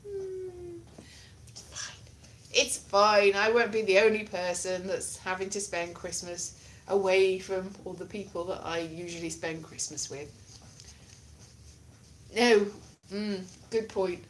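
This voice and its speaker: A woman's voice: mid-range voice, fairly even intonation, measured pace, a bit bright, a little hiss or hum. A woman chatting casually with viewers on a live stream, playful and theatrical, often mocking herself.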